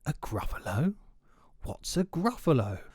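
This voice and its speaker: A man voicing a sly, hungry fox in a children's book reading, with a low, smooth voice. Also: big pitch swings, measured pace, darkish tone, dry recording, studio quality, exaggerated voice. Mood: alarmed.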